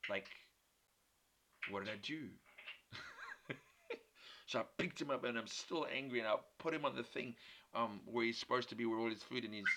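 A man with a fairly low voice preaches a sermon, telling a personal story and driving the lesson home with emphatic urging. His delivery is earnest and conversational. Loud background noise runs under the recording throughout.

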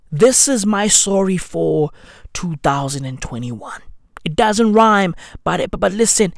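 Slow, slangy man ranting. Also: sits high, animated, creaky, no room sound, studio quality. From London. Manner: slangy, sardonic rant with mock apologies. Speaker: comedian and podcaster. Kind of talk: profane comedic monologue. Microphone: new studio microphone.

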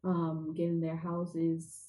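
A woman from England, a podcast guest, telling stories from her childhood in a lively, laughing way. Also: deep voice, slow pace, crowd noise, rough recording. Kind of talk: casual storytelling chat.

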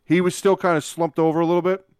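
A man's voice: on the high side, quick pace, clear, resonant tone. A man co-hosting a podcast, telling a long story in casual chat, swearing freely and acting out what people said. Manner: animated storyteller, swears freely, acts out quotes. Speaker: podcast co-host.

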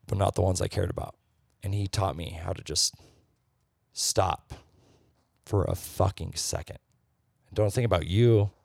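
A man's voice: low voice, creaky, a little mellow, no echo, studio quality. A man, a bartender, talking bluntly and earnestly in casual chat, with plenty of swearing.

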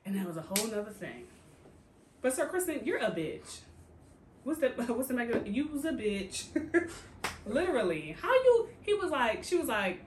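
A woman's voice: a little high, normal speed, pauses often, echoey room, slight background noise. A woman co-hosting a podcast in casual, slangy chat, telling a story with lots of laughter and acted-out quotes. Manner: animated storyteller, acts out quoted characters; slangy, profane, laughs often. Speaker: podcast co-host. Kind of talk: casual chat recapping a TV show.

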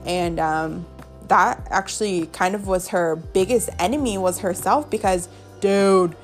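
A young woman hosts a podcast, gossiping bluntly in casual chat, swearing freely and saying "like" a lot. Her voice is lowish at a measured pace, with soft background music.

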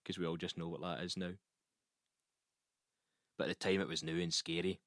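Low-voiced man telling a rambling comic tale. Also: little pitch movement, a little fast, fairly bright tone, no echo, studio quality. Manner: rambling, self-interrupting with repeated restarts. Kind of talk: comic storytelling.

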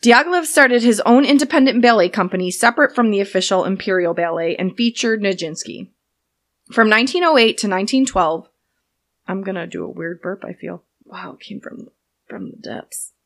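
A woman's voice: medium pitch, animated, a little fast. A young woman co-hosting a casual chat podcast, joking and swearing, reading excerpts aloud. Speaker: podcast co-host.

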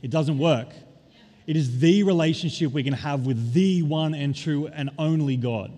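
A man preaching a sermon as pastor, stressing key words and drawing them out slowly. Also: a little high, mellow. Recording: long reverb of a large hall.

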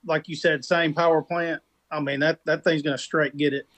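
Easygoing man with a slightly high voice. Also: level tone, normal speed, a bit bright. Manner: easygoing, agreeable, laughs along. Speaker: podcast co-host. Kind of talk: casual chat about off-road racing.

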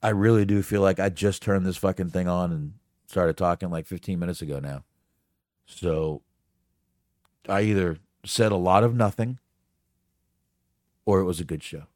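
A man's voice: sits low, moderate pace, pauses often, a little mellow, no room sound, clean studio sound. A man hosting a solo podcast, talking off the cuff in a rambling, profane, casual way. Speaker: podcast host.

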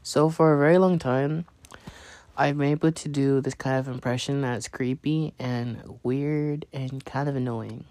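A man's voice: medium pitch, steady tone, measured pace, darkish tone. A young man hosting a casual solo podcast, rambling with many fillers and restarts. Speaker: podcast host.

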